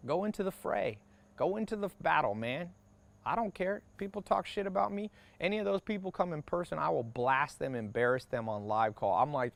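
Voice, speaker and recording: A man's voice: on the high side, gravelly, fairly bright tone, no echo. A man giving a motivational business workshop talk, brash and profane, speaking in punchy short sentences and acting out the people he quotes. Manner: acts out quoted people in quick asides. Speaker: business mentor.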